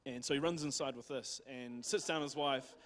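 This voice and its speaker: A man's voice: medium pitch, steady tone, a little fast, fairly bright tone. A man with a New Zealand accent retelling a missionary's story in a church talk, rambling with many fillers and restarts. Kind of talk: casual sermon storytelling.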